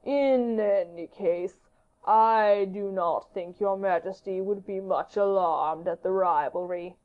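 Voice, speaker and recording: Woman playing a smooth male courtier, slow and fawning, storybook reading, dull lo-fi sound. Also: medium pitch, lightly acted. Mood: deferential. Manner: slow, measured, deferential. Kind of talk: audiobook character reading. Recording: dull lo-fi audiobook recording.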